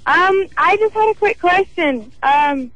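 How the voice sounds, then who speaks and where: A woman's voice: very high voice, expressive, unhurried, a bit bright, no echo, rough recording. An eighteen-year-old woman calling in to a radio show who chats and gossips about her dating life. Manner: chatty, gossipy storytelling. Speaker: caller. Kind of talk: phone-in chat.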